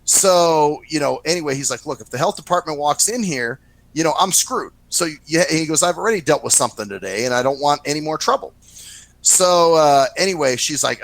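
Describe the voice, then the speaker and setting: A man hosting a casual talk show, telling a story in a profane, lively way and acting out what others said. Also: a little high, poor audio. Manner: profane, animated anecdote-telling, acts out quoted voices. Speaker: podcast host.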